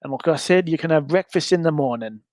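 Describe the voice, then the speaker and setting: A man's voice: a little high, fast, darkish tone, no room sound, studio quality, natural voice. A man voicing a friendly older hobbit farmer who talks in a folksy way. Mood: hospitable. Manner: folksy, calls him lad.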